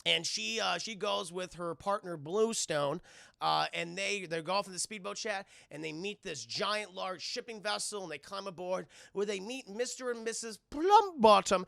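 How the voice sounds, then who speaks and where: A man streaming a casual, profane, animated recap of a cartoon episode to his live chat. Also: high voice, moderate pace, vocal fry, no room sound, clean studio sound. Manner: animated, profane, lots of fillers.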